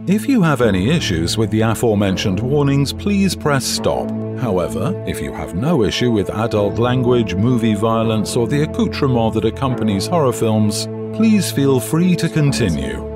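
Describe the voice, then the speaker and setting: A man reading a scripted content warning for a podcast in a measured, formal way. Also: on the low side, big pitch swings. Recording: music bed behind voice.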